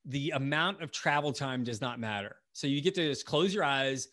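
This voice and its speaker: A man's voice: mid-range voice, normal speed, bright, forceful tone. A man from the United States hosting a casual podcast interview, talking in a chatty, rambling way with many restarts. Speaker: podcast host.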